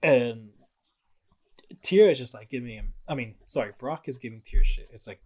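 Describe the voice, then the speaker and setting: A man's voice: mid-range voice, moderate pace, breathy edge. A man co-hosting a casual podcast, recapping a game's plot in an easygoing way with frequent fillers. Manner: relaxed recapping with fillers and laughs. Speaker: podcast co-host. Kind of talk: casual chat.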